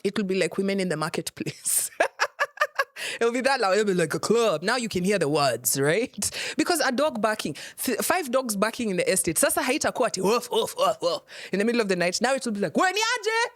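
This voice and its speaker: Playful Kenyan woman, lively voice. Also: mid-range voice, brisk, dry recording, studio quality. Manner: playful, teasing, laughs often, mixes in Swahili. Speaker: host. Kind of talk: comedic monologue.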